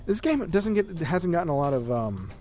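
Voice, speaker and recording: A man co-hosting a casual gaming podcast, rambling with lots of fillers and getting excited about what he likes. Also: on the high side, moderate pace. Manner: rambling, filler-heavy, enthusiastic. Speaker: podcast co-host. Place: home room with a shelf of collectibles.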